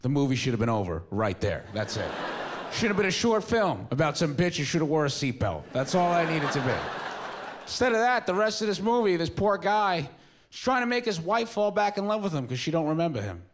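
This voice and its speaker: Animated young male stand-up comic. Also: a little high, a little fast, noisy background. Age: 20s. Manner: casual, rambling, self-mocking. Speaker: stand-up comedian. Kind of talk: stand-up comedy set. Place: comedy club stage.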